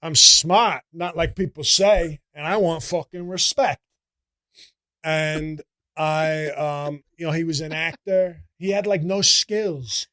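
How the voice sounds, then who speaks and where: A man puts on a crude, bragging Italian-American tough guy from New Jersey who swears constantly and boasts loudly. He talks in a raised, fairly high register for a man, with a dry, close sound and no room echo. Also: takes it slowly. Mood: brash. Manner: brash, profane, bragging. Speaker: comedy character guest. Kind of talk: in-character comedic rant.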